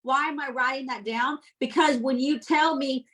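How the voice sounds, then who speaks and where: Upbeat woman giving sales tips to her team, a bit high-pitched, keeps asking does that make sense. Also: moderate pace, rough recording. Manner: energetic, repeats points, asks "does that make sense?". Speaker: sales team leader and coach.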